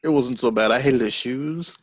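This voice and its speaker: A man's voice: medium pitch, normal speed, breathy edge, no echo. A man co-hosting a podcast, chatting casually about a movie with sarcastic, profane jokes. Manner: sarcastic, profane, joking asides. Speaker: podcast co-host. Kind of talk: casual chat reviewing a movie.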